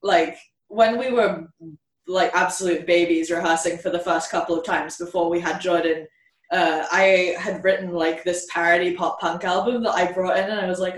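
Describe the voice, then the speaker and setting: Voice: medium pitch, steady tone, moderate pace. Band songwriter chatting from a distance in an echoey room. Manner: loose, filler-heavy talk with many "like"s. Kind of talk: casual interview chat.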